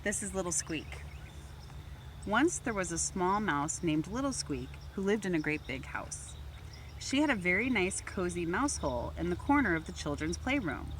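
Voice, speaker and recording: A woman reads a picture book aloud for children with a gentle storytelling manner. Her pitch swings widely as she narrates, and faint background hiss sits under her voice. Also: very animated, normal speed. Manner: gentle storytelling, raising voice for toy characters. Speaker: volunteer reader.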